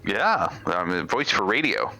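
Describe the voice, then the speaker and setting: Man, low pitch, bright tense tone, joking co-host, faint background music. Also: very animated, a little slow, vocal fry. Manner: joking, self-deprecating. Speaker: stream co-host and commentator. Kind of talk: casual chat on a game stream.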